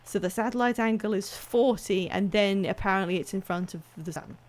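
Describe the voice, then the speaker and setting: A woman's voice: medium pitch, brisk, a little mellow. A woman streaming a video game, chatting casually with her viewers, swearing, laughing and reacting as she plays. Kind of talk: casual gameplay commentary.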